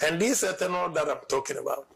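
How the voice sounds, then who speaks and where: A man's voice: fairly high pitch, fast talker, vocal fry, a bit bright, husky. A man explaining figures step by step in a played clip. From Ghana.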